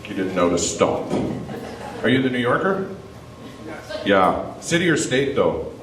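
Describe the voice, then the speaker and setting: Teasing comic working the crowd. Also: male voice, medium pitch, animated, recorded from a distance. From Canada. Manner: teasing, quick-fire banter with the audience. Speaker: stand-up comedian. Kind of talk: live stand-up crowd work. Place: comedy club stage. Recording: echoey live club with crowd noise. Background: audience laughter.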